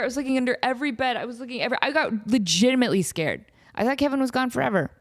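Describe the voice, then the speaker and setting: Woman, podcast host, casual solo chat, animated storytelling, playful, higher pitch. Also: rapid-fire, hardly any pauses, dry recording, clean studio sound.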